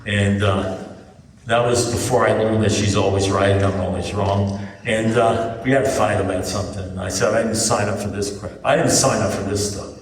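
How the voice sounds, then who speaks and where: Older man telling stories in an echoey hall. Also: on the low side. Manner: animated storyteller, acts out dialogue, rises to near-yelling. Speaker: AA speaker. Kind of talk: recovery meeting talk, storytelling. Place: large meeting hall. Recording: echoey hall, distant mic, faint noise.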